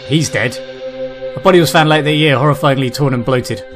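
A man's voice: mid-range voice, brisk. A man giving casual commentary over a video game, reading the on-screen text aloud with frequent chuckles and exclamations. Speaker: gameplay commentator. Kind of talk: casual let's-play commentary. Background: game music.

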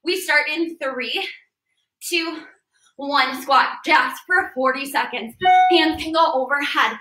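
A woman's voice: sits high, slow pace, bright, forceful tone. A young woman leading a bodyweight workout class, coaching moves and counting down reps in an upbeat, encouraging way. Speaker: fitness trainer. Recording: echoey room, voice a bit distant.

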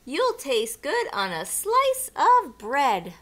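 A woman voicing a big, boastful male gruffalo monster in a children's storybook, speaking slowly with a booming delivery. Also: huge pitch swings, a bit bright, full character voice. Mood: hungry.

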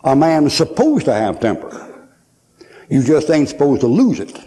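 Older male preacher, folksy joker, warm mellow tone, animated pitch. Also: normal speed. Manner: folksy, joking storyteller, laughs often. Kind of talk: sermon at a conference.

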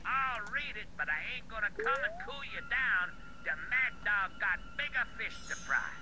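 A man's voice: sits high, sing-song, normal speed, bright, forceful tone, voice pushed up, exaggerated voice. A man putting on the voice of a swaggering tough guy in a game. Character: tough-talking gruff man called Mad Dog.

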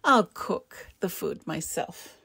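A woman's voice: lowish voice, lively intonation, takes it slowly, vocal fry, sharp tone, husky, dry recording, exaggerated voice. A woman voicing a fussy, hardworking female iguana who grows exasperated with her lazy friends, speaking insistently.

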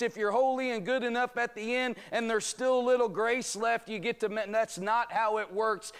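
A pastor with a high, smooth, slightly bright voice teaches a church Bible study. His preaching is emphatic and rhetorical, drawing calls of amen from the congregation, and it was recorded in a church sanctuary.

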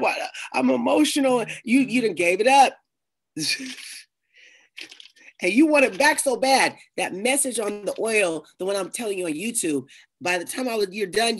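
A woman preaching a conversational sermon, animated, acting out the voices of the people she quotes. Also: on the low side, slightly rough. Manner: animated, acts out quoted voices, laughs often. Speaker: prophetess and preacher.

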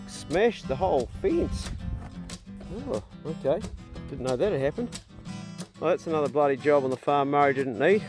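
A man, chatting in a relaxed, easygoing way as he walks outdoors across farmland. His voice sits at an ordinary middle pitch, picked up by a handheld camera with faint music in the background. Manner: chatty, easygoing, talks warmly to dogs. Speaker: vlogger, dog owner. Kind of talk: casual walk-and-talk vlog.

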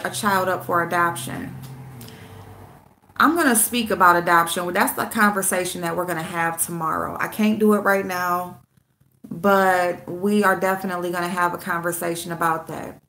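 Woman host, bright and forward, casual livestream chat. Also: fairly low pitch, steady tone, normal speed, a little hiss or hum. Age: adult with a school-age son. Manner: greets viewers by name, calls them babe; blunt, repeats herself for emphasis.

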